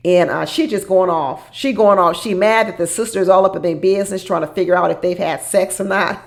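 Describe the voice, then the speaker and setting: A woman giving casual, animated recap commentary on a reality show, dramatic and laughing as she talks. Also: on the low side, brisk, creaky, few pauses.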